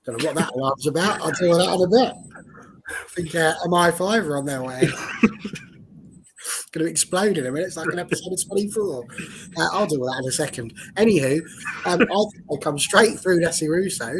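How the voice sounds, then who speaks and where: A man's voice: a little high, animated, fairly quick, fairly bright tone, low-quality recording. A man on a fan panel, talking football in a chatty, jokey way. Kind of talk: casual football discussion.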